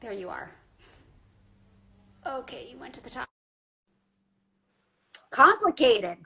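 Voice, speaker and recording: A woman's voice: sits high, moderate pace, gravelly, a bit bright, rough recording. A woman hosting a casual live chat from indoors on a phone, bubbly and chatty, laughing often. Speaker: livestream host. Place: indoors at her quarantine lodging.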